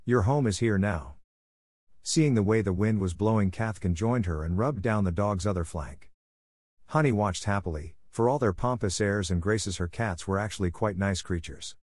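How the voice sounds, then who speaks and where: Guy narrating an audiobook, low voice, wry, dead dry sound. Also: moderate pace, a little mellow, no echo. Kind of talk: scripted narration.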